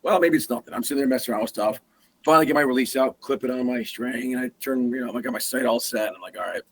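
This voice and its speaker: A man's voice: medium pitch, racing, slightly rough. A man, a guest hunter, telling a story in a casual way and acting out the sounds and the dialogue. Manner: animated, acts out sounds and quoted dialogue.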